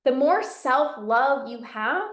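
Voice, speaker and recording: A woman's voice: high voice, lively intonation, slow, a bit bright, reverberant. A woman hosting a solo podcast as a coach, talking in an earnest, encouraging way. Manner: earnest, encouraging, acts out inner voices. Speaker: podcast host and binge eating coach.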